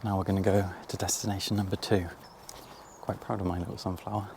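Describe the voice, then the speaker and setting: Chatty low gravelly man vlogging outdoors. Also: little pitch movement, quick pace, a little mellow. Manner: chatty, self-mocking, addresses viewer directly. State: out of breath while climbing. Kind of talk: casual vlog walk-and-talk. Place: outdoors, farm fields and coastal path. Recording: faint outdoor noise.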